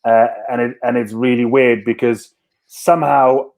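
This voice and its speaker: A man's voice: mid-range voice, fairly even intonation, measured pace, a little mellow. A man who played rugby, telling a long story in a casual podcast chat, rambling and self-mocking with lots of restarts. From Scotland. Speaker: podcast guest, former rugby winger.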